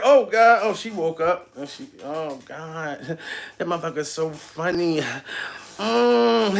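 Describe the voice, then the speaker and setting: A man, a comedian, telling a profane, animated story in a vlog, laughing often. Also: on the high side, unhurried, creaky. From New York.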